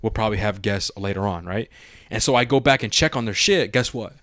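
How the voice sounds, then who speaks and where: ممثل شاب يقدّم بودكاست يتحدث بعفوية ويحكي القصص بأسلوب مسترسل، بلغة عامية مليئة بالشتائم. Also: male voice, on the low side, brisk, fairly bright tone, no echo, studio quality. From Mexican-American. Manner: loose, rambling storytelling with heavy slang and swearing. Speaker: podcast co-host. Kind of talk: casual podcast chat.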